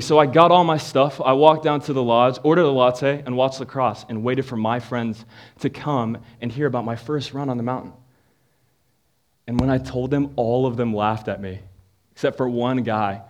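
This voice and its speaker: Young guy preaching, jokey story first, lively and playful to a crowd in the room. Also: mid-range voice. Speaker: youth speaker. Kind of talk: sermon with comic story. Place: room with live audience.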